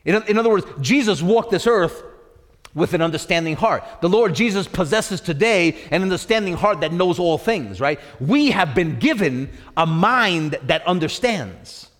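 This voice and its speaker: A man's voice: high voice, big pitch swings, moderate pace, big-room sound. A man preaching a sermon, emphatic and repetitive, who keeps checking in with "right?". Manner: emphatic, repeats phrases and keeps asking "right?".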